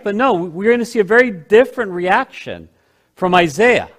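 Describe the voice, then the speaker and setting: A man preaching a sermon, slowing down to stress key phrases and swinging between loud and hushed delivery. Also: sits high, expressive.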